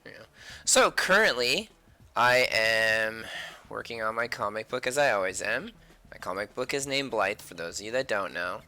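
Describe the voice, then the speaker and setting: A man's voice: on the low side, animated, moderate pace, sharp tone. A man chatting casually at home while he draws on a live stream, often muttering and whispering to himself as he sketches. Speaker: artist live-streaming his drawing.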